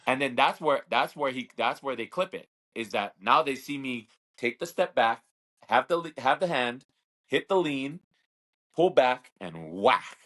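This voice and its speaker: A man's voice: medium pitch, measured pace, a bit bright. A man in his thirties telling a long story in a casual interview, rambling, repeating words and acting out what others said. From Hawaii. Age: 30s. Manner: rambling, repeats words, acts out quoted voices. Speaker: interview guest, slap fighter.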